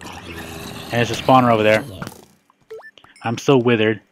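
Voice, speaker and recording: A man's voice: medium pitch, normal speed, pauses often, a little hiss or hum. A man giving casual, rambling gameplay commentary as a video host, joking and breaking off his sentences as he plays. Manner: rambling, joking, self-interrupting.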